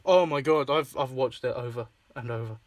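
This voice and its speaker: A man's voice: medium pitch, fairly quick, background noise. A young Scottish man hosting a casual chat, rambling with fillers, swearing and laughing often. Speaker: podcast host and filmmaker.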